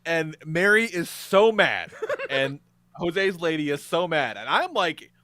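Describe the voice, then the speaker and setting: A man with a high, bright voice that swings widely in pitch tells a story in casual podcast chat. He talks in an animated way, laughs often and swears freely. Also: slow, dry recording. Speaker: podcast host.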